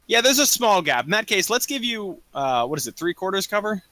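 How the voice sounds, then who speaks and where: A young man runs a tabletop game, narrating the action in a bright, sharp voice that swings widely in pitch. He stumbles often on ums and uhs and swears casually. The sound is close and dry. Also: very animated, no room sound. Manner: halting, full of ums and swearing. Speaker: dungeon master. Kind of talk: running a tabletop game over voice chat.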